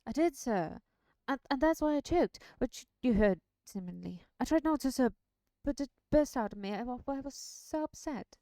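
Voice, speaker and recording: A woman's voice: high-pitched, lively intonation, normal speed, dark tone, no room sound, voice pushed up. A woman, not a native English speaker, voicing a simple, eager young male gardener who talks in a breathless, stammering rush. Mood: upset.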